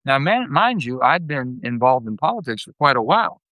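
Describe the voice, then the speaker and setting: An older man, a guest telling blunt, folksy stories and acting out his anecdotes with lively jumps in pitch. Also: a little fast, dry recording, lo-fi sound. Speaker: guest, former senator. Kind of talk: candid storytelling interview.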